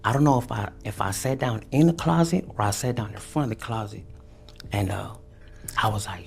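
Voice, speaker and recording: A man giving a police interview in halting speech, full of restarts and fillers, who rises loud and high when he acts out what was said. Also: vocal fry, a little hiss or hum. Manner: acts out quotes loudly, high and tense. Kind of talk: recorded police interview testimony.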